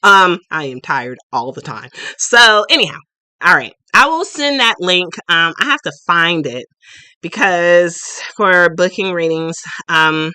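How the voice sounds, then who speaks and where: A woman's voice: on the low side, expressive, measured pace, bright, forceful tone, no echo. A woman in her late thirties hosting a casual live stream, chatty and goofy, laughing often as she talks to viewers. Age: late 30s. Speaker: livestream host and shop owner.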